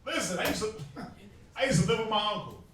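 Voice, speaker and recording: A young man street teaching to a group, animated and joking, often mimicking people. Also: high-pitched, fairly quick, a little hiss or hum. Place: outdoors in a city. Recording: very echoey, distant from mic.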